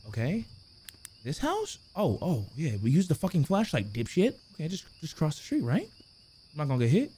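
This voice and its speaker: A man playing a horror game and commenting, excitable, cursing, shouting, then muttering to himself. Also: on the high side, fairly quick, husky. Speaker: gaming YouTuber.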